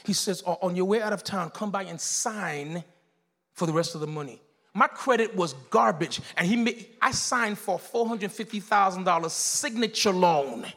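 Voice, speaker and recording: A man, preaching a sermon as pastor, telling a story in hushed tones and building to shouted exhortation. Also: high-pitched, normal speed, long reverb tail.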